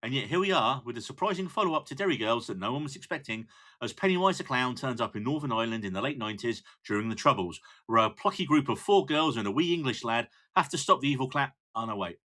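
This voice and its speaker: A man's voice: mid-range voice, fast talker. A man hosting a podcast in casual chat, joking with his co-hosts. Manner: animated, jokey. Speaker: podcast host.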